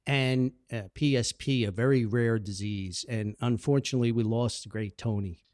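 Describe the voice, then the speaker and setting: A man's voice: mid-range voice, moderate pace, no room sound, studio quality. A man telling old neighborhood stories in a casual podcast monologue, laughing and acting out the dialogue. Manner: animated, laughing, acts out dialogue. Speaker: podcast storyteller. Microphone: studio mic.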